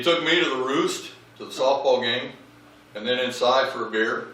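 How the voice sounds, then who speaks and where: A man's voice: medium pitch, moderate pace, slight background noise. Man telling funny stories in an echoey hall. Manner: animated comic anecdotes, acting out quoted lines. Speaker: eulogist, child of the deceased. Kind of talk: humorous eulogy storytelling. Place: large memorial service hall. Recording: echoey hall, voice far from mic.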